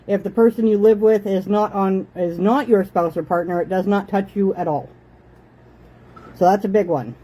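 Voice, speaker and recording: A woman's voice: mid-range voice, steady tone, normal speed, warm tone, slightly rough, rough recording. A woman in her thirties from Canada hosting a casual chat at home, motherly and talkative, breaking off now and then to tell her kids to behave. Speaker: host. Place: home living room.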